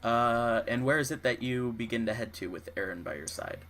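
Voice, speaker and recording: A man's voice: medium pitch, fairly quick, a bit bright. A man running a tabletop game as dungeon master, narrating casually with many fillers.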